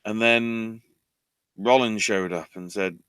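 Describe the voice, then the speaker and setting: A man's voice: lowish voice, fairly even intonation, slow pace, fairly bright tone, smooth, no room sound. A man hosting a podcast, recapping a show in casual chat with sarcastic, exasperated storytelling. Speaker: podcast host.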